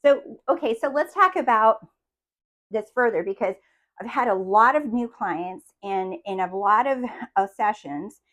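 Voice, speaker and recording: A woman's voice: expressive, unhurried. A woman coach giving a motivational talk to her viewers. She keeps checking in with "do you see?" and acts out the stories she tells. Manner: acts out quotes with big swings in pitch and loudness. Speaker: manifestation coach.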